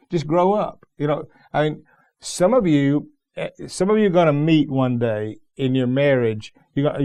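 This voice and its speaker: A man's voice: mid-range voice, darkish tone. A middle-aged male pastor preaching a sermon in a folksy, plain-spoken storytelling way, with emphatic asides.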